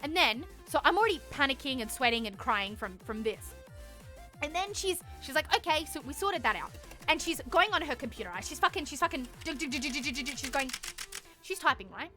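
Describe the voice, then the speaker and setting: A woman's voice: high voice, lively intonation, fairly quick, pushed and bright, soft background music. A young woman streamer telling a story casually, acting out both sides of a conversation and swearing freely. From Australia.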